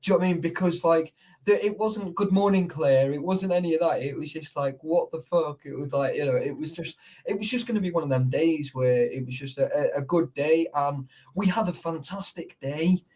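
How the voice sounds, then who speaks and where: A man's voice: a little high, a little fast, darkish tone, rough recording. A man chatting casually on a live stream, telling rambling stories full of fillers. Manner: rambling storyteller, many fillers. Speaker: urban explorer host.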